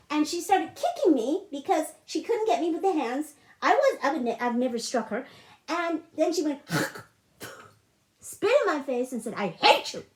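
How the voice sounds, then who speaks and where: A middle-aged woman telling a personal story in a monologue, emotional and repetitive, with frequent restarts. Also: extremely high pitch. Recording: echoey room.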